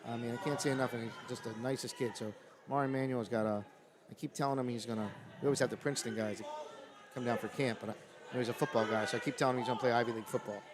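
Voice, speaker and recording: A man giving live color commentary on a high school wrestling match, explaining tactics in a conversational way and getting excited at big moves. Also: rapid-fire. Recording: loud gym crowd and noise behind. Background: cheering crowd in a gym.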